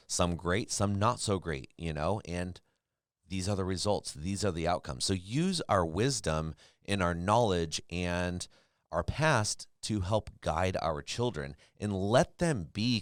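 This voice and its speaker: Deep-voiced man giving earnest parenting advice. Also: no room sound, clean studio sound. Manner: earnest, restarts and repeats himself, advice-giving. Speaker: podcast co-host. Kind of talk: casual podcast conversation.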